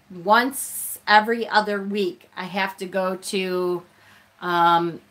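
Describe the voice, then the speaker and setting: A woman's voice: mid-range voice, bright, forceful tone. A woman hosting a casual live stream, chatting with viewers as she unboxes a tarot deck, self-deprecating and laughing often.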